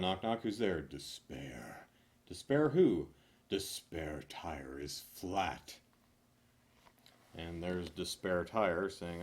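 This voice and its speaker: Lively low-voiced guy reading jokes, big swings between loud and mumbled. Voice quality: animated, jumps between loud punchlines and mumbled asides. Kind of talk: rapid-fire joke reading.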